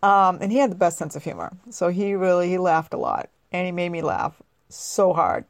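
A woman's voice: fairly low pitch, expressive, normal speed, dry recording. Middle-aged woman radio host from New England, chatty and laughing a lot, dry close sound. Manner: chatty, laughs often, acts out quoted lines. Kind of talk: casual chat.

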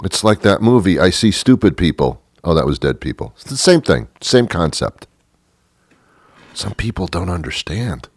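A man's voice: deep voice, very animated, moderate pace, no echo. A man, a radio host, delivering a rambling, sarcastic, exasperated comic monologue into a close studio mic. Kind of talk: comedic monologue.

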